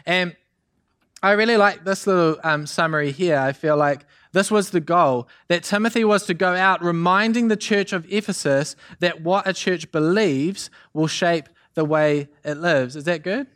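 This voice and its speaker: A young man preaching a sermon as youth pastor, energetic and chatty with many asides and fillers. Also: high-pitched, moderate pace. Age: young adult.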